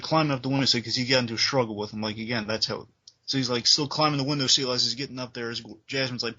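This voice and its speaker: Male co-host, eager storyteller, bright forceful voice, dull lo-fi sound. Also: on the low side. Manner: enthusiastic, retells scenes with sound effects. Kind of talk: casual review chat.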